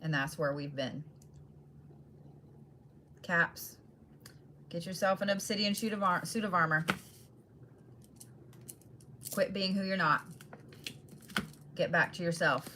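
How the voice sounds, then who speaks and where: Woman, bright forceful voice, slightly low pitch, blunt casual zodiac reading, swears and laughs. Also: slow pace, pauses often, a little hiss or hum. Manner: direct address to each sign. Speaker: tarot and astrology reader.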